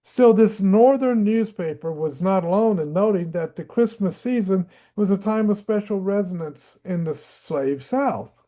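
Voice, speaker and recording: In an unhurried, mellow, high-pitched voice with hardly any pauses, a Southern-accented man from Tennessee reads a history book aloud. Now and then he adds casual remarks of his own.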